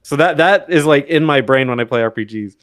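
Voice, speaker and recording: A man's voice: medium pitch, fairly quick, a bit bright. A man co-hosting a casual podcast, rambling and thinking aloud. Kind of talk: casual chat.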